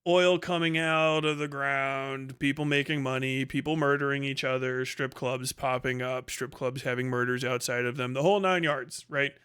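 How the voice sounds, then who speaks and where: A man's voice: mid-range voice, fairly even intonation, moderate pace, hardly any pauses, a bit bright, smooth. A male livestream host telling a rambling, profane story in a casual way, with lots of filler words.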